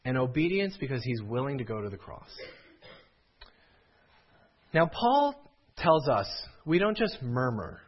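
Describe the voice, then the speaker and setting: A man's voice: on the high side, big pitch swings, a little slow, pauses often, breathy edge, dull audio. A man preaching a sermon as pastor, earnest and rising to pleading cries.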